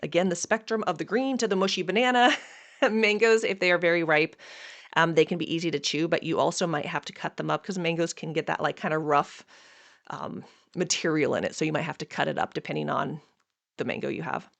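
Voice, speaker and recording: A dietitian giving a casual educational talk, chatty and upbeat, adding quick asides while going through a list. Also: mid-range voice, gravelly, fairly bright tone, no room sound.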